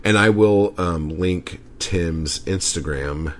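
Speaking low and slowly, a man hosts a solo podcast in which he rants casually and rambles. Swearing and filler words fill his talk, and "like" comes up again and again.

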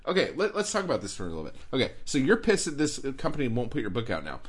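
A man's voice: mid-range voice, wildly swooping pitch, quick pace, few pauses, breathy edge. A man hosting a podcast, ranting sarcastically and swearing constantly, and mocking people in put-on voices. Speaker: podcast host. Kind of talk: profane ranting commentary.

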